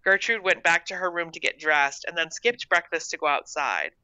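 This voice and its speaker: An author reading their own short story aloud in a steady storytelling manner. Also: medium pitch, moderate pace, clear, resonant tone, no echo, muffled recording. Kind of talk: storybook narration.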